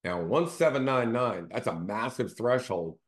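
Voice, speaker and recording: A man's voice: mid-range voice, lively intonation, unhurried. A man hosting his own show, talking in a casual, conversational storytelling way and often checking in with his listeners. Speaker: real estate team CEO hosting a show.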